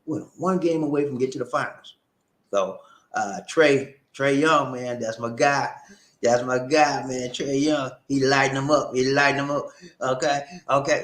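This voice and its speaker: A man hosting a casual livestream, animated and breaking into sung catchphrases. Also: mid-range voice, reverberant. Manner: animated, sings and shouts catchphrases. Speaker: livestream host. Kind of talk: casual live chat. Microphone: new noise-reducing mic.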